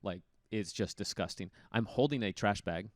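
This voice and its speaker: A man's voice: lowish voice, normal speed, dry recording, studio quality. A man in his thirties, a guest telling stories in a casual interview, acting out voices as he goes. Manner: animated storyteller, acts out voices in his anecdotes. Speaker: guest, former college hockey player.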